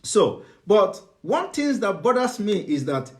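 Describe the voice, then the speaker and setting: A middle-aged man from Nigeria with a Nigerian accent, speaking unscripted in a live broadcast, lecturing and halting with many fillers and restarts. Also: high-pitched, big pitch swings, a little mellow. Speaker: host of a live online broadcast.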